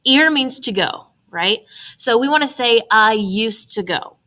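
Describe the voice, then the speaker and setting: A woman's voice: a little high, animated, unhurried, bright, forceful tone. A woman teaching a recorded Spanish grammar lesson, upbeat and talking students through each step.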